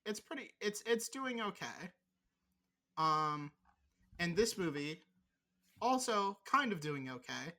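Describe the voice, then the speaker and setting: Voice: medium pitch, sing-song, slow, long pauses, bright, forceful tone. A podcast co-host in casual chat, rambling and teasing, swearing freely.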